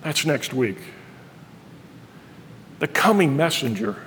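A man's voice: medium pitch, sing-song, slow pace, a bit bright, long reverb tail, slight background noise. A middle-aged man preaching a sermon as pastor, earnestly reading and explaining scripture.

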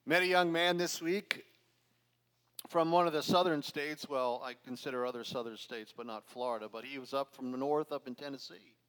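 A man's voice: medium pitch, normal speed, fairly bright tone, smooth. A middle-aged man pastor preaching a verse-by-verse sermon, earnest and emphatic, with conversational asides to his congregation. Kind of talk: expository sermon. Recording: long hall reverb.

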